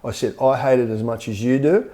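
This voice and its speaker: A man's voice: mid-range voice, brisk, mellow. An older Australian man telling stories in a casual interview, rambling, repeating words and calling the host mate. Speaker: podcast guest.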